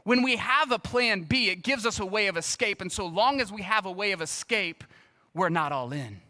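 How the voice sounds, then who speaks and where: A man, a guest pastor, preaching an earnest, animated sermon and acting out bits of dialogue. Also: high-pitched, normal speed. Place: church sanctuary.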